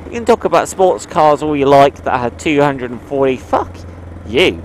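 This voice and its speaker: A man from the UK giving a casual vlog monologue, animated and swearing, with his voice jumping between high and low. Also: a little fast, a little hiss or hum. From United Kingdom. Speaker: motovlogger.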